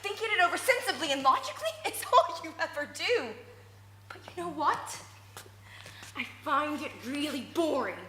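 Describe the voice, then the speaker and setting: An actress playing a manic, defiant woman arguing with her husband, excitable with brittle laughter. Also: sits high, unhurried, long pauses, heavily acted. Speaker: drama student in a showcase scene. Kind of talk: dramatic two-hander scene. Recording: echoey room with hiss.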